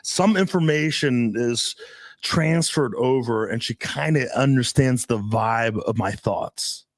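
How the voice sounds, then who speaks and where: A man coaching on dating in casual podcast chat, talking in an animated, emphatic way with a lot of swearing. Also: medium pitch, slow pace, no room sound.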